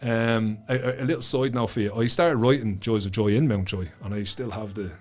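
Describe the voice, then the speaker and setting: A man's voice: lowish voice, fairly even intonation, a little fast. Passionate Irish man telling stories. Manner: passionate, swears freely, repeats words when emotional. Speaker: podcast guest, author. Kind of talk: casual storytelling chat.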